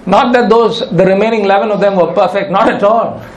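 A man's voice: high-pitched, brisk, reverberant, a little hiss or hum, poor audio. A male pastor preaching a sermon, emphatic and repeating his key phrases.

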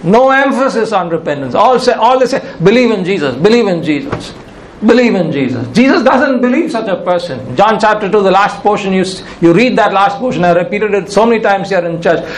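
High-voiced man preaching emphatically. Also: animated, brisk, hardly any pauses, echoey room, low-quality recording. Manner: emphatic, repeats key phrases. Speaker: pastor. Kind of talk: sermon.

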